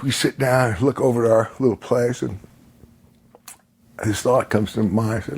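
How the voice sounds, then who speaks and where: A man's voice: medium pitch, moderate pace, vocal fry, pauses often, breathy edge. An older man telling a long personal story in casual conversation, laughing often and acting out the voices of the people in it. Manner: animated, acts out voices in his stories, laughs often. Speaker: podcast guest.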